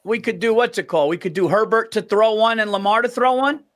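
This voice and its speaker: A man's voice: sits high, fast talker, a bit bright. A man co-hosting a casual sports podcast, talking football betting picks in a loose, laughing way. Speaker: podcast co-host.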